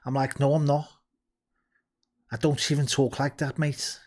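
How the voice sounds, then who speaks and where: A man's voice: medium pitch, normal speed, pauses often, a little mellow, breathy edge. Chatty man with a Midlands accent. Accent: Midlands English. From English Midlands. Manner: chatty, swears freely, laughs a lot. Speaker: livestreamer. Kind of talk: casual commentary.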